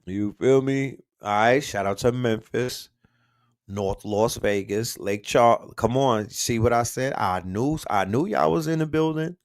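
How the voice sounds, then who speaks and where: A man hosting a casual livestream, talking in slang and shouting out the cities his viewers are watching from. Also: medium pitch, a little slow, clear, resonant tone, dry recording, clean studio sound. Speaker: livestream host.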